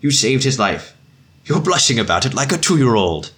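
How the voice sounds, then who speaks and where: A man's voice: medium pitch, sing-song, moderate pace, a bit bright. A man reading a story voices an army major who challenges and teases a modest officer. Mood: teasing.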